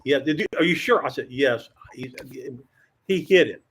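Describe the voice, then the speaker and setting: Husky older man telling stories. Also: a little high, normal speed. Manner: animated anecdotes, acting out quotes, stammering restarts. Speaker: guest sportswriter. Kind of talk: storytelling in a podcast interview.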